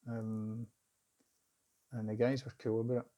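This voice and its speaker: A middle-aged man telling a personal story in a candid, halting, reflective way. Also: medium pitch, little pitch movement, muffled recording. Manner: candid, halting, self-searching. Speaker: vlogger recounting a job interview.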